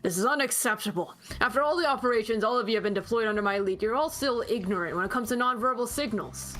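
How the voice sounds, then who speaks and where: A woman's voice: a little high, animated, fast, a bit bright, soft background music. A woman voicing a strict, impatient female military commander who scolds in a clipped, commanding way, as fan voice acting of a game script. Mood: scolding.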